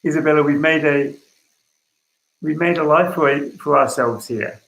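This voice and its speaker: A man voicing a guarded former groom who now raises a daughter, speaking haltingly in a telenovela role-play. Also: a little high, gravelly, a bit bright, echoey room, low-quality recording. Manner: halting, hesitant.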